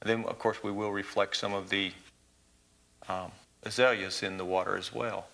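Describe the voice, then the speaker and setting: Folksy man teaching painting, bright voice. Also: on the low side, little pitch movement, normal speed, vocal fry. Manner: folksy, encouraging, talks through each brushstroke. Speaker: painting instructor. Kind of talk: televised painting lesson.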